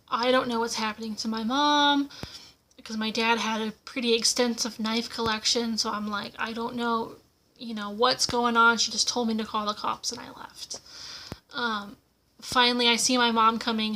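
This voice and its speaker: A young woman speaks straight into her camera at home, relating a personal story in a loose, conversational way. Her voice sits a little high and sounds bright and forward, and she drops in plenty of fillers and acted-out quotes. A faint background hiss runs under the built-in mic. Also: steady tone, normal speed. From United States. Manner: casual, with frequent filler words and acted-out quotes. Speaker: vlogger.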